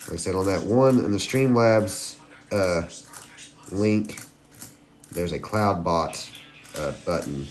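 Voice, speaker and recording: A man, hosting a live stream and chatting excitedly with viewers. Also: deep voice, slight background noise. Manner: excitable, giddy, chats to viewers. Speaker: livestream host hunting coins. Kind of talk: casual live-stream chat.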